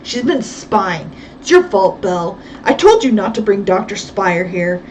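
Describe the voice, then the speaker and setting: A woman reading aloud voices a harsh, scornful male villain who snaps loud commands, her voice a little distant over faint background noise. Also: very high voice, very animated, moderate pace.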